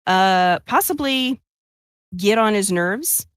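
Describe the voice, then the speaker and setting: A woman's voice: mid-range voice, lively intonation, takes it slowly, a bit bright, smooth, dry recording. A woman playing a tabletop game, chattily explaining what her character does. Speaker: player.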